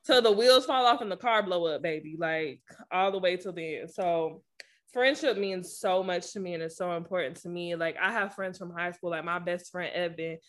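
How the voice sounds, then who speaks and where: A woman co-hosting a podcast in casual chat, affectionate and warm in her words, calling people honey and baby. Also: lowish voice, normal speed. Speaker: podcast co-host.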